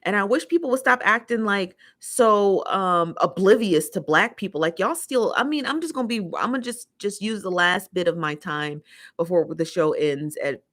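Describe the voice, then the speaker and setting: A woman's voice: mid-range voice, normal speed, fairly bright tone. An American woman hosting a casual livestream, reading viewer comments aloud and ranting in an exasperated, opinionated way, repeating herself for emphasis. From United States. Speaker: livestream host.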